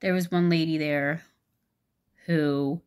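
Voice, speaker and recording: A low-voiced woman tells a personal story in a loose, casual vlog. She rambles and halts, fills pauses with ums and likes, and swears freely and frankly. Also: steady tone, a little mellow, clear, resonant tone. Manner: rambling, halting, with many fillers.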